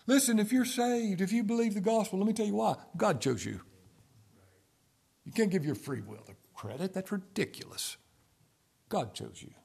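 A man preaching a sermon with passion, rising to loud emphatic peaks, dropping to quiet low asides, and firing rhetorical questions between scripture quotations. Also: vocal fry.

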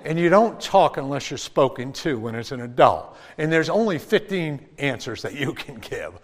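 A middle-aged man preaching a sermon as a pastor, telling animated stories that swing into shouts and laughs. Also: medium pitch, moderate pace. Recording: long church reverb.

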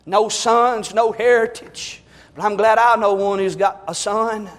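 Man, high-pitched, fervent sermon, long hall reverb. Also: fairly even intonation, unhurried. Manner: fervent, rises to shouts. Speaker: preacher.

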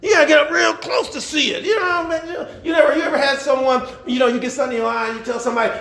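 A man preaching a sermon as pastor, animated, laughing and shouting at times. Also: very high voice, quick pace, hardly any pauses, reverberant. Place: church.

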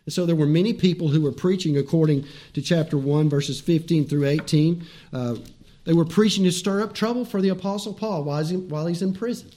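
A male pastor giving a conversational sermon, asking rhetorical questions and slowing down for emphasis. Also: fairly high pitch, mellow.

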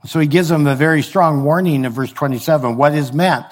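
Male pastor, sermon delivery, relaxed conversational teaching voice, a touch high. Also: brisk. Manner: conversational, explains with everyday examples and reads scripture aloud.

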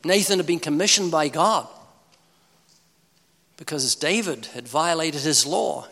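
High, bright-voiced preacher in a hall. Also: male voice, lively intonation, a little slow. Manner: emphatic, pleading evangelistic preaching. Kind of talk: sermon.

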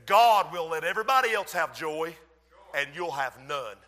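A man preaching an impassioned sermon in a church, often rising to shouts. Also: high-pitched, expressive, normal speed, in a large hall.

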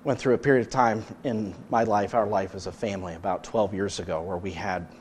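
A man's voice: fairly low pitch, steady tone, brisk, slight background noise. Earnest male preacher. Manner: earnest preaching, rising loud then dropping soft. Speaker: pastor. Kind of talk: sermon.

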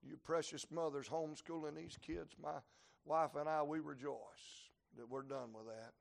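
A man, preaching a sermon to a congregation. He moves between quiet, folksy asides and shouted climaxes. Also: a little high, fairly even intonation, normal speed, vocal fry. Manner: folksy humor, plainspoken dialect. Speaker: traveling preacher. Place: church building before a congregation.

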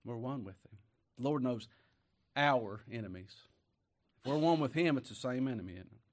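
A man preaching a sermon, folksy and emphatic, rising to loud declamation when he reads scripture. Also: medium pitch, lively intonation, normal speed.

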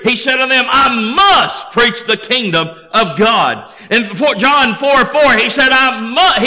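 A man preaching a sermon, emphatic, repeating key phrases, swinging from near-shouts down to low, quiet endings.

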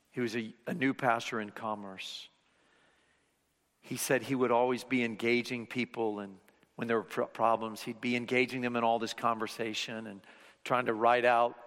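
A man preaching a sermon as pastor, swinging between loud, emphatic passages and hushed whispers. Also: mid-range voice. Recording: reverberant hall.

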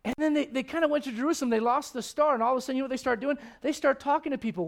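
A man's voice: extremely high pitch, racing. A man preaching a sermon to a congregation, emphatic and driving his points home with repeated rhetorical questions. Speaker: pastor. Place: church service before a congregation.

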